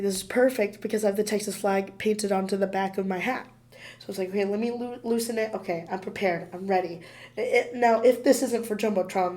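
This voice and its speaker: Hoarse, excitable woman co-host. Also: medium pitch. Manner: excitable, laughs often, fillers like "like". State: hoarse from illness. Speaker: podcast co-host. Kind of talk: casual chat, animated storytelling.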